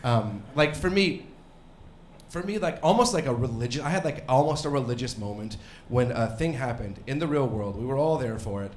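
A man in his thirties performs stand-up on a handheld mic, talking in loose, rambling runs that tip over into mock yelling. His voice sits at an ordinary middle pitch. The club sounds roomy, with a faint hum of ambience behind him. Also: expressive, normal speed. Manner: rambling, self-deprecating, bursts into mock yelling. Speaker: stand-up comedian. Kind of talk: stand-up comedy set. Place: comedy club stage.

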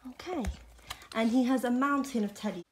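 A woman's voice: on the high side, moderate pace, slight background noise. Playful young woman talking to her dog. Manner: playful baby talk to a dog, frequent laughter. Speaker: vlogger showing her dog. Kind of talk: casual chat with her pet.

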